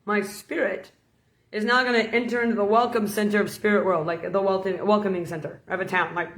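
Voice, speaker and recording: A woman's voice: medium pitch, a little fast, a bit bright. Brief: woman preacher, casual storytelling sermon, playful delivery; roomy, echoey recording. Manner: storytelling, playful, laughs between points. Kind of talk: informal sermon vlog.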